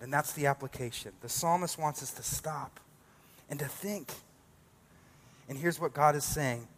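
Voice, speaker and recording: A man's voice: fairly high pitch, normal speed, pauses often, slight background noise. A male pastor preaching a sermon, building emphatic repeated declarations.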